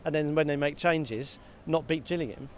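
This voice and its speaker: A man co-hosting a football podcast, talking in a lively, self-mocking way and often repeating words. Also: on the high side, moderate pace. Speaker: podcast co-host. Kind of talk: casual football chat. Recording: faint background noise.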